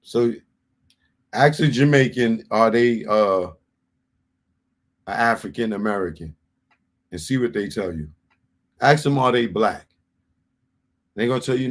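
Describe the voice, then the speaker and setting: Exasperated male comedy host, slow and repetitive delivery. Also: fairly low pitch. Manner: exasperated, repeats himself. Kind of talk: live comedy commentary.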